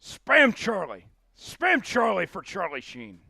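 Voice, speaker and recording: A man hosting a live sports stream, calling plays and shouting when his team scores. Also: high voice, takes it slowly, gravelly, breathy edge, dry recording, studio quality. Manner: excitable, shouts big plays. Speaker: livestream sports host. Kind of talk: live play-by-play watch-along.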